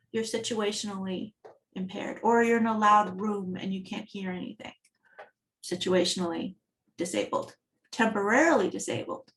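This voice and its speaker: Woman chatting through a design talk, mid pitch, easygoing storytelling. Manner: conversational, animated storytelling. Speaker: accessibility speaker. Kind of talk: conference talk. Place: online meetup talk.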